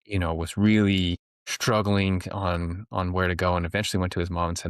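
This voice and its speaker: Man, very deep voice, earnest, explanatory, dry close sound. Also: little pitch movement, a little fast, few pauses, smooth, dry recording. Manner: earnest, explanatory, many restarts. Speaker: guest. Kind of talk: conversational interview.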